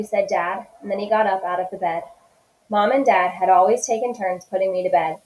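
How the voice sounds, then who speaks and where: A woman teacher reading a children's novel aloud in a calm, steady way. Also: mid-range voice, brisk. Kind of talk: read-aloud book narration. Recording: echoey room.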